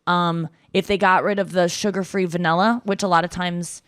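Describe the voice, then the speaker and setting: A woman's voice: on the low side, steady tone, moderate pace, smooth, dry recording, clean studio sound. A woman hosting a podcast, chatting casually and rambling in a self-mocking way. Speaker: podcast host. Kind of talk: casual chat.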